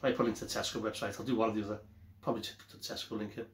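A lowish male voice races along with flat delivery as he casually reviews a beer for his vlog. He's chatty, rambles and keeps correcting himself; the room echoes and there's a slight hiss or hum.

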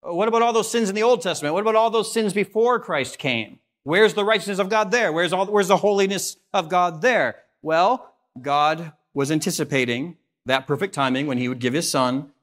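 Earnest Canadian man preaching a sermon. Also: a little fast. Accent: Canadian English. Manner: earnest preaching, rising on questions and dropping low and soft on solemn lines. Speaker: pastor. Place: church sanctuary.

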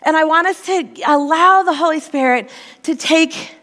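A woman's voice: high voice, moderate pace. A woman in her forties, a youth pastor, giving a playful, personal sermon at a church women's event. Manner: lively, playful, personal storytelling. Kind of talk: sermon with comedic opening skit. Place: church sanctuary. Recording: long reverb in a church hall.

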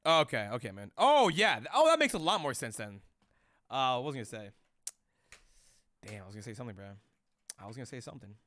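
A man's voice: medium pitch, very animated, quick pace, pauses often, a bit bright, no echo. A young man streaming live, chatting loosely with chat in rambling, profane slang.

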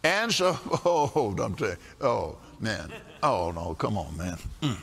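A man's voice: on the low side, sing-song, measured pace, creaky, fairly bright tone, slightly rough, in a large hall. An older man preaching a sermon, telling folksy stories and chuckling often.

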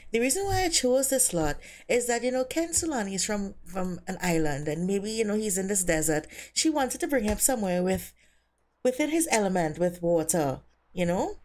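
A woman giving casual, excitable commentary on a life-simulation game she is playing, often speaking the characters' thoughts aloud. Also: mid-range voice. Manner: excitable, gasping and squealing, voicing the characters' thoughts. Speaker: let's play host.

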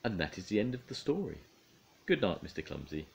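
An older man, a grandfather, reading a children's bedtime story aloud in a playful, expressive way. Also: sits low, a little fast, gravelly, breathy edge.

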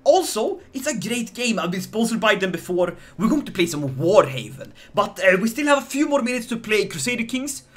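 A man with a Swedish accent commentating his live game stream, joking and animated as he talks to chat. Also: high voice, a little fast, hardly any pauses.

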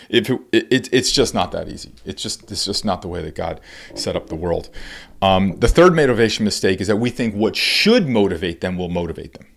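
Animated male podcast host and coach. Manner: animated and conversational, acts out quoted players and coaches with big pitch jumps; frequent restarts and repeated words. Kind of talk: solo podcast monologue.

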